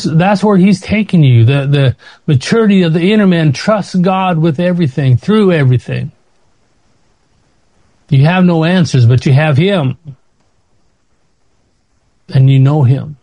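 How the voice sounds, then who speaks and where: Warm-voiced man preaching a sermon. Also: no echo. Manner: emotional testimony, voice rising high when pleading.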